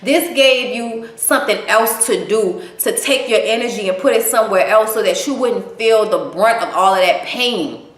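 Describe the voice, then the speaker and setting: A woman's voice: fairly high pitch, normal speed. A woman giving a casual, blunt spoken recap of a TV episode, swearing freely and giving strong opinions. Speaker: TV show reviewer. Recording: echoey room.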